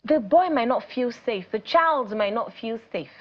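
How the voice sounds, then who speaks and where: Animated Nigerian woman coach. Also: fairly high pitch, normal speed, hardly any pauses, highs cut off. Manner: animated, acts out parents and children in quoted voices. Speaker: teen coach guest. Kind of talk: studio talk show conversation.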